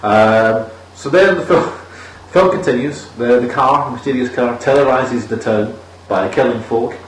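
A man's voice: medium pitch, a little slow, a little hiss or hum. A man with a Scottish accent recapping a bad film in casual, sweary chat, acting out the characters in voices. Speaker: podcast co-host. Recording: echoey room, far from the mic, faint ambience.

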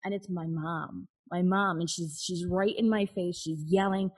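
A woman's voice: on the low side, steady tone, measured pace, a little mellow, slightly rough, low-quality recording. A woman guest telling a personal story in an interview, candid and open, laughing now and then. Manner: candid, with frequent restarts and nervous laughs.

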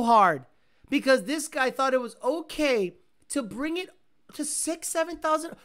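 A man's voice: very high voice, lively intonation, unhurried. Profane, rambling man hosting a livestream. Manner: rambling, profane, mimics sounds with loud bursts. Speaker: livestream host. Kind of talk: casual livestream chat.

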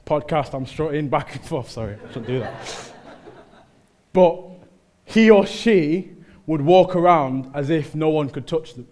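A male preacher with a Mancunian accent, giving a conversational sermon that builds to loud exhortation in church. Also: on the high side, lively intonation, unhurried.

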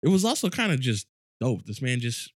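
A man co-hosting a podcast in casual chat, telling stories in animated, excited bursts. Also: mid-range voice, brisk, breathy edge, no room sound, studio quality. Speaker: podcast co-host.

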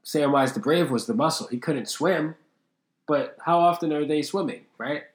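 A man's voice: fairly high pitch, normal speed. Profane rambling podcast man, roomy sound. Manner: rambling, profane, self-deprecating. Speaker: podcast host. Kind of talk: casual solo podcast monologue.

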